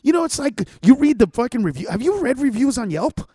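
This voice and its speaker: A man's voice: very high-pitched, a little fast, breathy edge, no echo, studio quality. A man who is a stand-up comedian, ranting in casual podcast chat, full of swearing. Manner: profane, animated ranting.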